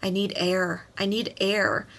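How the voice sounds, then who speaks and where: A woman's voice: mid-range voice, little pitch movement, takes it slowly, gravelly, fairly bright tone. A woman voicing a defiant, panicking teenage girl in an audiobook.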